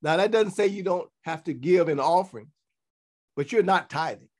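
A man's voice: high voice, moderate pace, a little mellow. A man teaching a sermon, reading scripture aloud and explaining it to his listeners, often restarting phrases and checking in with "okay". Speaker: teacher of a congregation.

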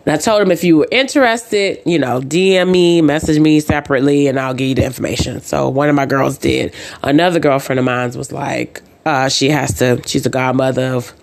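A woman's voice: very deep voice, fairly even intonation, fairly quick, vocal fry. A woman hosting her own podcast, telling personal stories in a casual, chatty way and acting out the back-and-forth of her conversations. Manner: chatty storyteller who acts out dialogue; says "um" and "uh" often. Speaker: podcast host. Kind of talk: casual chat.

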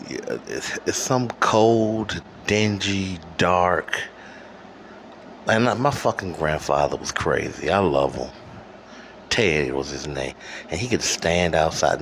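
A man's voice: low voice, a bit bright. A man from Detroit hosting his own podcast, delivering a profane, rambling solo rant that keeps checking in with "okay?" while recording at home. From Detroit, USA. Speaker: podcast host. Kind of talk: solo ranting monologue. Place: home room with air conditioner running. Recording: faint air conditioner hum. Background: faint air conditioner hum.

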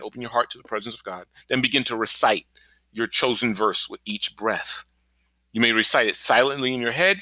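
A male pastor giving an encouraging podcast sermon, energetic and often checking in with "right?". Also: mid-range voice, no echo. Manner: energetic, keeps asking "right?".

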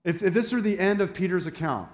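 A man's voice: high voice, expressive, fast talker. A man preaching a sermon as a pastor, talking conversationally and asking the congregation questions. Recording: echoey hall with long reverb.

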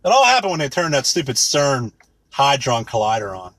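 A man's voice: mid-range voice, sing-song, brisk, fairly bright tone, husky, no room sound. A man in his thirties ranting with rambling sarcasm and heavy swearing, mocking things in put-on voices. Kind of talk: profane comedic rant.

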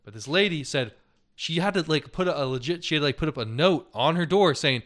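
A man's voice: a little high, animated, fairly quick, a bit bright. A young man co-hosting a casual podcast, retelling news stories in a loose, chatty way, with lots of "like" and "dude" and frequent laughter. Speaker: podcast co-host.

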